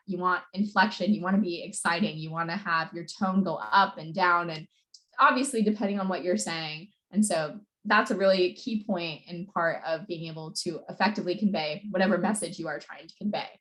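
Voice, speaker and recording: A young woman giving a casual presentation as a coach. She talks fast and fills her sentences with "like" and "you know". Her voice sits at a middle pitch for a woman. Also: fairly bright tone. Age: young adult. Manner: fast-talking, many "like" and "you know" fillers. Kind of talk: casual presentation on public speaking.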